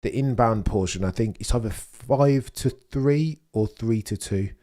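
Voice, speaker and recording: A young man talks casually on a live stream. His voice sits a little low, and he chats freely as he reads out and answers viewers' messages. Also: unhurried, warm tone. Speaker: livestream host. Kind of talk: casual live watchalong commentary.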